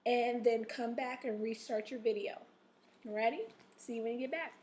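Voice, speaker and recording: A woman's voice: a little high, fairly even intonation, moderate pace, a little mellow, slight background noise. A woman teacher giving a recorded reading and word-study lesson to her class, checking in often with "okay?". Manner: encouraging, checks in with frequent "okay?".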